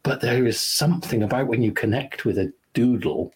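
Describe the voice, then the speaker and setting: Husky-voiced man gushing. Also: medium pitch, normal speed. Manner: gushing, rambling with restarts. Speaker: podcast co-host. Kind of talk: casual chat.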